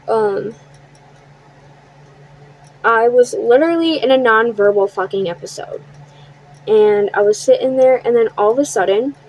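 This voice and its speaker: A woman's voice: a little high, darkish tone, a little hiss or hum, rough recording. A young woman telling a personal storytime in a casual, blunt way, swearing freely and acting out what others said. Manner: blunt and profane, quotes others in quick asides. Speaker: storytime vlogger.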